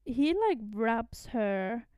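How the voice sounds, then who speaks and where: A woman co-hosts a casual podcast chat, her voice sitting a little high with a smooth, mellow tone. She talks slowly and loosely, with fillers along the way. The recording is close and dry. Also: sing-song, no room sound. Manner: chatty, with many fillers and little laughs. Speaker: podcast co-host. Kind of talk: casual chat about a comic series.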